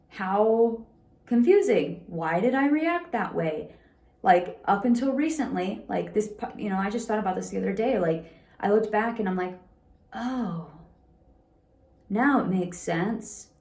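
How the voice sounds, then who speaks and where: A young adult woman talking through a personal experience in an unscripted monologue, rambling and halting, with constant "like" fillers. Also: fairly low pitch, a little mellow, echoey room. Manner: rambling, heavy use of "like", halting restarts. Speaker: vlogger sharing personal experience.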